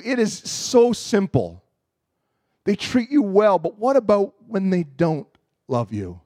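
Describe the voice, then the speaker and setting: A man's voice: mid-range voice, darkish tone, dry recording, studio quality. A man preaching a sermon as a pastor, telling a personal story in a conversational, self-deprecating way with stumbles and restarts. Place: church service.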